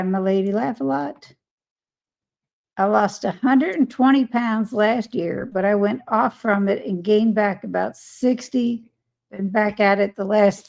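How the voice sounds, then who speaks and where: A woman's voice: medium pitch, vocal fry, darkish tone. A woman hosting a casual live stream, greeting viewers by name and reading their chat comments aloud with frequent laughter.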